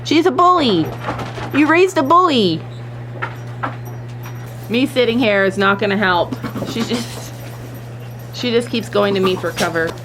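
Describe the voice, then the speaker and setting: A woman vlogs from her farm, chatting casually to the camera and coaxing her goats as she tends them. Her voice is on the high side and animated, with a measured pace and long pauses. Outdoor farm noise and bleating goats fill the background.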